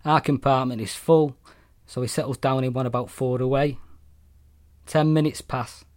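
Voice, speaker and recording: A Mancunian man reads his own short story aloud in a blunt, wry, deadpan manner, swearing freely. His voice sits at a middling pitch for a man. The recording is dry and close, with no room sound. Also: moderate pace, dry recording. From Manchester, England.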